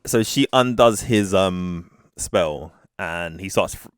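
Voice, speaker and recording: A man's voice: low-pitched, slow, smooth, dry recording, studio quality. A man co-hosting a casual podcast, retelling movie scenes and acting out lines. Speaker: podcast co-host. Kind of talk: casual film review chat.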